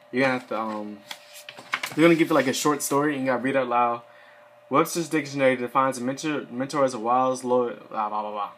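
Young man, mid-pitched, seated, casual rambling vlog delivery with lots of fillers. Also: a bit bright, slight background noise. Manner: rambling, filler-heavy, conversational. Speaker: Air Force enlistee giving advice. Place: seated indoors.

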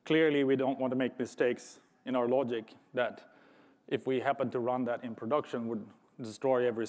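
A man's medium-pitched, darkish voice fills a large, reverberant conference hall as he speaks. His talk is thoughtful with light humor, and he often restarts his sentences.

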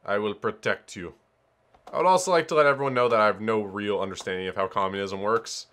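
A man casually commenting on his own gameplay, excitable and swearing, talking to himself as he plays. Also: fairly low pitch, very fast. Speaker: let's player.

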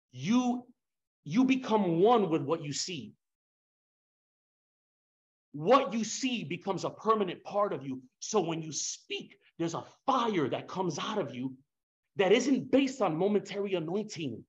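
Impassioned high-voiced man preaching. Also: dull audio. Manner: impassioned, swings between soft and loud, rhetorical questions, casual slang. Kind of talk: sermon.

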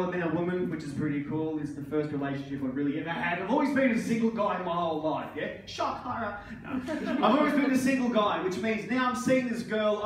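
A man's voice: high-pitched, far from the mic. An Australian man doing a crude stand-up set at an open mic, often laughing at his own jokes. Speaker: stand-up comedian. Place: small pub open mic stage, indoors. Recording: echoey pub room with crowd noise. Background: crowd laughter and chatter.

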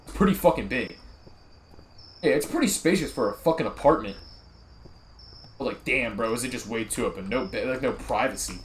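A man's voice: medium pitch, lively intonation, fairly quick, pauses often, slight background noise. A young man doing profane, nervous, jokey commentary while playing a horror game. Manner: profane, jittery, nervously joking. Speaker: gamer.

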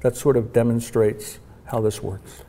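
Guy hosting an interview, asks curious questions, nods along, warm low-key voice. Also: flat delivery, a little slow. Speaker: show host. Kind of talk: conversational interview.

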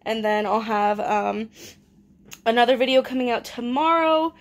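A woman's voice: a little high, moderate pace. A young woman chatting casually at home as she shows items for sale, describing each one with lots of fillers. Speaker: online reseller. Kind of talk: casual live-sale vlog.

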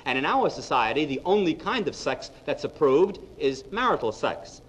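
Male psychologist lecturing to a live audience; slightly higher voice, funny and quick with punchlines. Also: slightly rough, rough recording. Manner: lively storyteller, punchline-driven, addresses the audience directly. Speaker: psychologist giving a public lecture.

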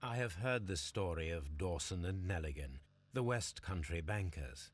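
An actor playing a measured, formal male detective in a game. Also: low-pitched, animated.

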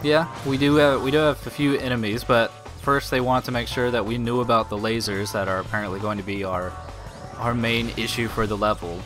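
A man's voice: mid-range voice, fairly even intonation, brisk, a bit bright. Guy doing let's play commentary, swears a lot, stumbles and restarts, game music underneath. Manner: loose, profane, frequent restarts. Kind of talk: casual gameplay commentary.

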